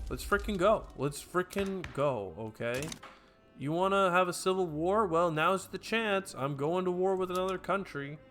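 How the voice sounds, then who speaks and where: A man narrates his strategy game as he plays, switching between loud, excitable hype and low asides to himself. Game music plays clearly under his voice the whole time. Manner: excitable, hyped outbursts dropping to mutters. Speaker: let's play gamer. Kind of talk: gameplay commentary. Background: game background music.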